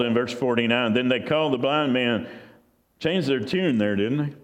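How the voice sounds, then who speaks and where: Man, preacher, sermon, conversational storytelling, mid pitch, long reverb. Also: moderate pace. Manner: storytelling, acts out crowd voices.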